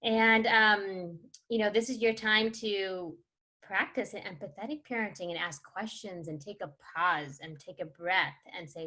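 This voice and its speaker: A woman's voice: medium pitch, a little slow, pushed and bright. A woman presenting a parenting workshop in a chatty way, full of fillers and small laughs, acting out everyday scenes.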